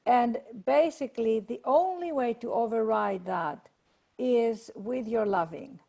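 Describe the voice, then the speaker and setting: A woman leading a guided meditation and prayer over a video call, speaking in a slow, soothing way. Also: on the high side, gravelly, mellow. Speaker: workshop leader.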